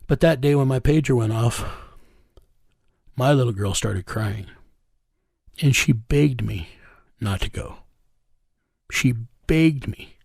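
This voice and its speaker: A middle-aged man telling a personal story in an interview, slow, earnest and plain-spoken. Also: medium pitch, vocal fry, a little mellow, breathy edge, no room sound, studio quality. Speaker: interview guest. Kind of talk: reflective storytelling.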